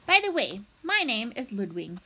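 A woman's voice: fairly high pitch, big pitch swings, normal speed, bright, forceful tone, breathy edge, full character voice. A woman voicing an old gray female goose who squawks blunt, scolding advice in a storybook reading. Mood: brisk.

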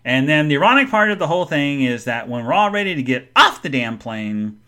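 A man hosting a live podcast, telling a story in an animated way, speaking straight to his listeners and answering chat comments. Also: a little high, brisk. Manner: animated, addresses the audience directly. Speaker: podcast host.

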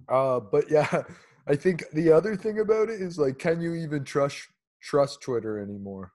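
A man's voice: fairly high pitch, expressive, a little slow, darkish tone. A man from Canada hosting a casual chat, joking and laughing as he reacts to news clips. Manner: jokey, laughs often, sarcastic asides. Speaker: podcast host.

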